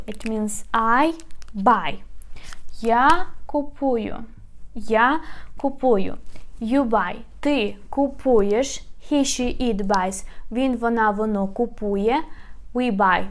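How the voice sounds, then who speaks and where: A woman whose first language is Ukrainian, teaching a lesson in English and slowly repeating each example word. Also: a little high. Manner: slow, patient, repeats example words.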